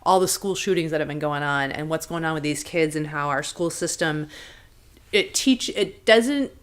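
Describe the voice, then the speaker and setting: A woman's voice: sits low, moderate pace. A woman co-hosting a podcast, talking in an earnest, reflective way with everyday fillers. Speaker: podcast co-host. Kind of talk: casual chat.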